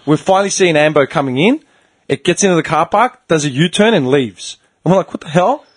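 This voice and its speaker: A man's voice: fairly high pitch, brisk. Profane man ranting a story. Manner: animated, profane ranting storyteller, acts out quotes. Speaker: podcast host. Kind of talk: casual storytelling chat.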